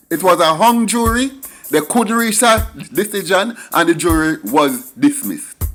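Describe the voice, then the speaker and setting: A man's voice: sits high, a bit bright. A middle-aged man with a Jamaican accent tells a story in an emphatic monologue, slipping into patois for asides. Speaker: commentator.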